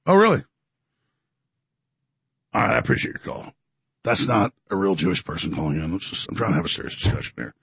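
Gravelly, animated male talk-radio host. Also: deep voice, brisk, pauses often, no echo. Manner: forceful, exasperated, and prone to dramatic recitation.

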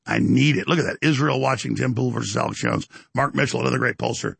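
A man's voice: mid-range voice, fast, creaky, hardly any pauses, a bit bright, husky, no echo. An older man hosting a show, ranting in a bombastic, taunting way and issuing challenges. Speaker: host. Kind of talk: heated on-air rant.

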